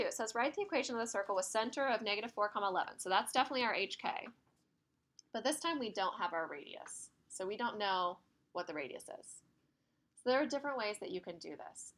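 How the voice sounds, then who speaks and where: A woman's voice: medium pitch, a bit bright. A woman teaching an algebra lesson in a classroom, chatty and laughing as she tells stories. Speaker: math teacher. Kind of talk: classroom lecture.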